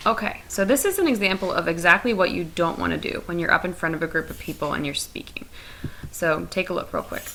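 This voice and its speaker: A woman's voice: lowish voice, lively intonation, bright, forceful tone, a little hiss or hum, poor audio. A young adult woman teacher giving a chatty, playful recorded lesson from her couch at home. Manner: chatty, playful and fast-talking.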